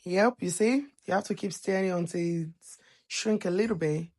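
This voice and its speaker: A woman's voice: on the low side, normal speed, a little mellow. A woman hosting a cooking channel, chatting playfully in a casual voice-over as she explains each step of her cooking. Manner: chatty and playful, teasing viewers with laughs.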